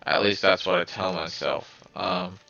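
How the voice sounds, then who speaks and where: A man's voice: sits low, steady tone, a little slow, vocal fry, sharp tone, dull audio, soft background music. A man with a scratchy voice talking casually to his viewers in a vlog, hesitant and full of fillers and restarts. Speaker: video creator.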